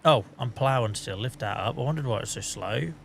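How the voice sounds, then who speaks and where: A man streams a farming game and talks through it in loose, mid-pitched chat. He mutters to himself, cracks jokes and swears as he plays. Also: animated, brisk, creaky, a bit bright, a little hiss or hum. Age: adult. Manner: chatty, swearing, joking, mutters while playing. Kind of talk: casual live-stream chat.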